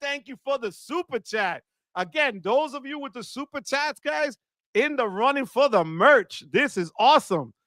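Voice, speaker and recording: A man hosts a live stream and thanks viewers with loud bursts of excitement. His voice sits high and sounds bright. The recording is dry and close, with no room sound. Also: normal speed, no echo. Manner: enthusiastic, shouts "wepa" often. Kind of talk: live stream super chat shout-outs.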